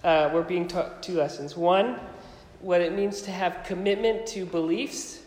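High-voiced pastor in echoey hall. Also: male voice, fairly even intonation, a little slow, darkish tone. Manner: conversational with frequent ums and restarts. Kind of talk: sermon.

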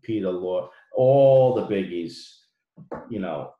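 A man telling a story in casual chat, animated and profane. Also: sits low, takes it slowly, phone-quality sound. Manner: animated, profane, mimics people in his stories. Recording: echoey room.

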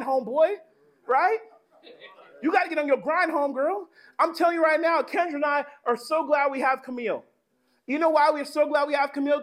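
A male pastor preaches in a loose, conversational style, peppering his sermon with slang and checking in with the crowd. His voice sits notably high for a man. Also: fairly bright tone.

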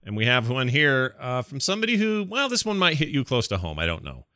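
A man's voice: medium pitch, wildly swooping pitch, fairly quick, bright, forceful tone, no echo, clean studio sound. A man hosting a podcast, reading listener questions in an easygoing, casual chat. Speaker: podcast co-host.

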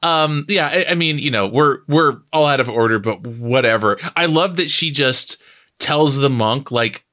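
Bright-voiced rambling male podcast host. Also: medium pitch, measured pace. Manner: rambling with many fillers, laughs and swears. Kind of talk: casual podcast chat about a film.

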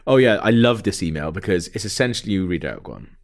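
A man's voice: sits low, very animated, fast, vocal fry. A man co-hosting a podcast, joking and teasing in casual chat and laughing often. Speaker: podcast co-host.

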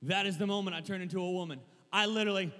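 A young adult man with a high voice preaches to a room, his storytelling animated, swinging between loud bursts and quiet, earnest passages. The sound rings in a big hall with a long reverb tail, and a low mains hum sits underneath. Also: rapid-fire. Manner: animated storytelling, shouting and laughing. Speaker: pastor. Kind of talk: sermon.

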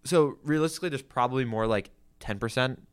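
A man's voice: mid-range voice, a little fast, clear, resonant tone. A young man from the Philadelphia area co-hosting a casual podcast, ranting about his work in car sales, swearing freely and saying "like" constantly.

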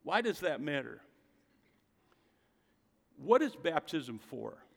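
A man's voice: fairly high pitch, very animated, slow pace, gravelly. Preaching man with hall reverb. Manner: emphatic preaching, rhetorical questions. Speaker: pastor. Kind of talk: sermon.

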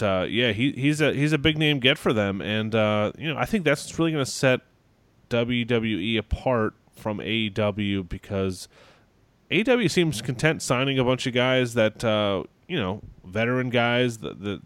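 A man's voice: on the low side, normal speed, no echo. A man co-hosting a casual wrestling podcast, rambling with lots of fillers and restarts. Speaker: podcast co-host.

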